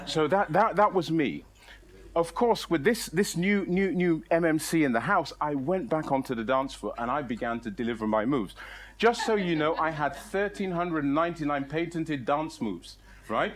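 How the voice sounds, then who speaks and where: A middle-aged man telling a comic story on stage, animated and exaggerated, often laughing through his own lines. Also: on the high side, normal speed.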